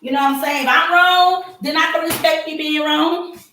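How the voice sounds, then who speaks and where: A woman's voice: sits high, flat delivery, a little fast, pushed and bright, echoey room, slight background noise. A woman hosting a podcast on a livestream, telling her story bluntly and with profanity while talking straight to her chat. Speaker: podcast host. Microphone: home livestream setup.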